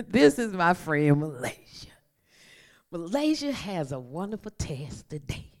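A woman preaching a sermon, calling on the congregation to repeat after her and dropping from loud exclamations to near-whispers. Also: low voice, moderate pace. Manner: animated, call-and-response with congregation.

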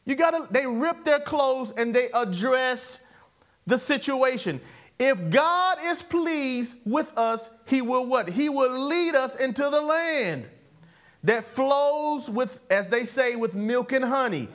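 Very high-voiced preacher man. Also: animated, slow, a bit bright. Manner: exhorting, repeats catchphrases, chuckles between points. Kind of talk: sermon with call-and-response.

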